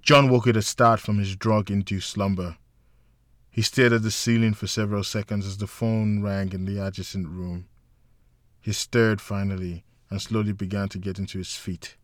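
A man narrating a novel in a slow, measured reading voice. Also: lowish voice, steady tone, no room sound, studio quality. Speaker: audiobook narrator.

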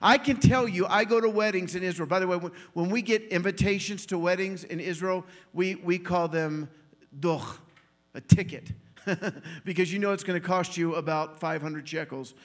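A man preaching a sermon in a lively storytelling way, acting out the people he quotes and laughing often. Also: high-pitched. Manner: animated, acts out quoted voices, laughs often.

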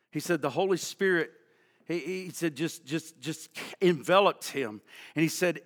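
A man preaching a sermon, telling a story that builds from quiet, low-voiced passages to impassioned, near-shouted ones. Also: expressive, unhurried, long reverb tail. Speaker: pastor.

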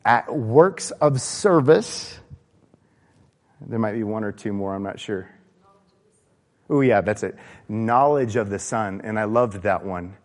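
A man gives a loose, conversational sermon, full of restarts and asides to the congregation. His voice sits at an ordinary middle pitch for a man. It carries a long reverb from a church hall. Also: darkish tone. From American South. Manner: informal, asks the congregation questions, frequent fillers and restarts. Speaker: preacher. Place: church sanctuary.

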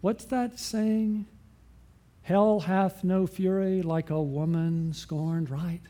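A man's voice: sits high, steady tone, takes it slowly, dark tone. A man preaching a sermon, often putting questions to his listeners and answering them himself.

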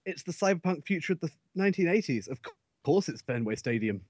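Male co-host, dry wit, slightly higher voice, lively delivery. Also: fast talker, slightly rough, no room sound. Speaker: podcast co-host. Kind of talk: casual podcast chat.

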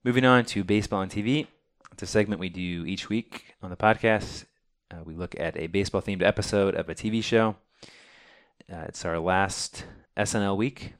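A man's voice: sits low, normal speed. A man hosting a baseball podcast, chatting casually and rambling with many fillers. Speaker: podcast host. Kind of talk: casual chat.

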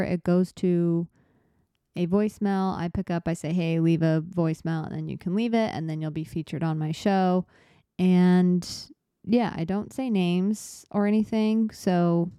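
Chill, breathy-sounding young woman podcaster. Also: on the low side, warm tone, no echo, studio quality. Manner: chatty, self-deprecating, rambling. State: slightly out of breath. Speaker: podcast host. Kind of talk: laid-back solo podcast chat.

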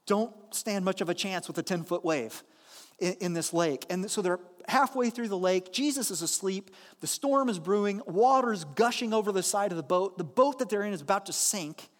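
A man with a notably high voice preaches from the pulpit, moving between lively storytelling and slow, weighty declarations. His words carry a long reverb, as though filling a large sanctuary. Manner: earnest, animated storytelling with slow emphatic lines. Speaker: pastor. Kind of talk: sermon.

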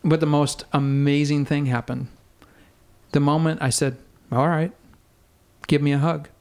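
A male podcast guest earnestly recounts a personal faith experience in casual conversation, full of fillers and restarts. His voice runs on the high side, with a steady, somewhat dark tone and a measured pace.

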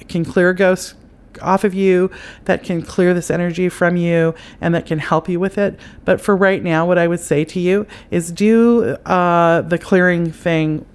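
A middle-aged woman with a slightly low voice talks through spiritual advice on her podcast. She chats loosely, repeats her words, and now and then calls the listener honey. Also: clear, resonant tone.

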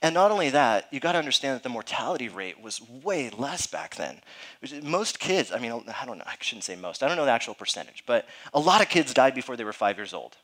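A pastor in his thirties preaches with earnest emphasis, keeping an easy, conversational tone. His voice sits at an ordinary middle pitch for a man. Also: sing-song, fast talker, a bit bright, low-quality recording. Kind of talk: sermon.

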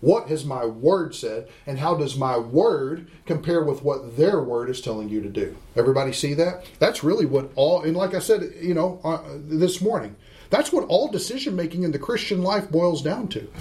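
A man's voice: fairly high pitch, lively intonation, moderate pace, darkish tone. A man teaching a Bible class, emphatic and often asking the class questions. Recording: roomy room echo.

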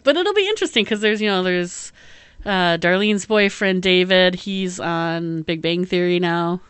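A woman chats casually as a podcast co-host, her voice sitting a little low. She rambles, piles on fillers and laughs often. The sound is dry and close. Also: lively intonation, moderate pace, a bit bright, clean tone, dry recording. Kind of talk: casual chat.

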